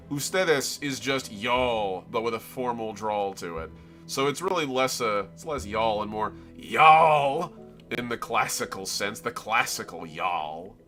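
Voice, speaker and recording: This man's lowish voice sounds pushed and bright, carrying a Floridian accent; he's from Florida, United States. Chatting casually on a live stream, he rambles, interrupts himself, and explains his drawing as he makes it.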